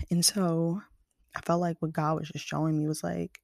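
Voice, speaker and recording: A woman's voice: deep voice, level tone, moderate pace, vocal fry, darkish tone, dry recording, clean studio sound. A young woman from Kansas City chatting frankly to her viewers, full of fillers. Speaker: vlogger. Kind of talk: casual storytelling to camera.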